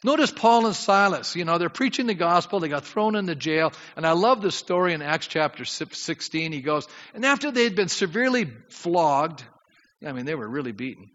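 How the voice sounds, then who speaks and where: A man preaching a sermon as pastor, lively and questioning his congregation. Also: a little high, fairly quick. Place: church sanctuary. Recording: dull sound with long hall reverb.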